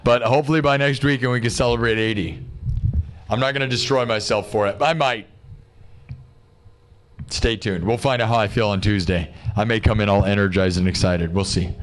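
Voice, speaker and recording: A man's voice: on the low side, fairly even intonation, fairly quick. A man hosting a live stream, chatting casually and ranting in exasperation, with lots of "dude" and "bro". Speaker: livestream host. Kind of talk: casual livestream rant.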